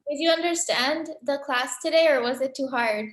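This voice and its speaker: A woman's voice: sits high, moderate pace, reverberant. A woman teaching a Quran recitation class over a video call, chatty and full of filler words. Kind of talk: casual online class teaching.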